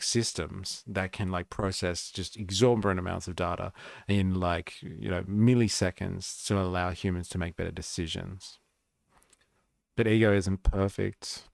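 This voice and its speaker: Australian man, very low gravelly voice, rambling livestream commentary, dry close sound. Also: no echo. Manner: rambling, full of filler words and restarts. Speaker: livestream host. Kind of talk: casual commentary while reading and reacting to a video.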